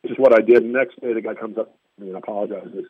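Fast-talking husky man on a phone line. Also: fairly low pitch, no room sound. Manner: animated, acts out quotes in raised voices. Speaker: sports radio reporter. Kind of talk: casual storytelling chat. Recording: tinny phone-line sound, dry.

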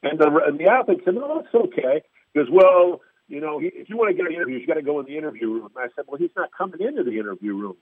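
A man's voice: on the high side, lively intonation, very fast, few pauses, slightly rough, no room sound. A man, a sports radio reporter, telling stories in casual chat and acting out quotes in raised voices. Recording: tinny phone-line sound, dry.

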